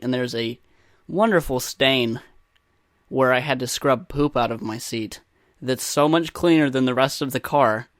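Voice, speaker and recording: A man's voice: medium pitch, dry recording, clean studio sound. Profane young man telling crude stories. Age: 20s. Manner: profane, rambling, self-mocking. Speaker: podcast host. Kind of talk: casual crude storytelling monologue.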